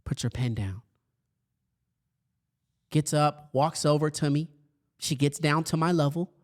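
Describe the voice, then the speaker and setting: A man in his thirties giving a storytelling talk to educators, acting out his younger self with a raised, lively voice. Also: fairly high pitch, measured pace. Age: 30s. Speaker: speaker for educators.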